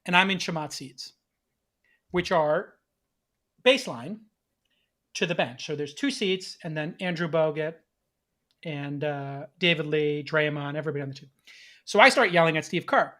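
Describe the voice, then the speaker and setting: A man hosting a podcast, telling a casual story in an animated way, laughing now and then. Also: fairly high pitch, moderate pace, long pauses. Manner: animated, laughs between lines. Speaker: podcast host.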